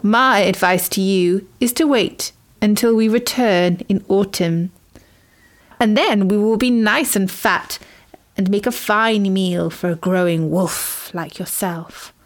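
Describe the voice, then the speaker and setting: A woman voicing a kind mother goat in a storybook, speaking gently and softly. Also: mid-range voice, slow pace, natural voice. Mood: persuasive.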